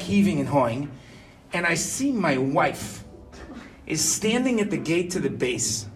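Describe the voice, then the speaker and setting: This personal story comes from a man in his fifties speaking in a high-pitched voice, far from the mic, with a little hiss or hum. He chats away to his listeners, repeatedly asking "right?".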